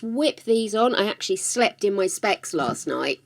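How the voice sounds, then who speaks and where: A woman's voice: mid-range voice, sing-song, unhurried, hardly any pauses, darkish tone. An older woman chatting casually on a live stream, affectionate and talkative, calling her viewers darlings. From United Kingdom.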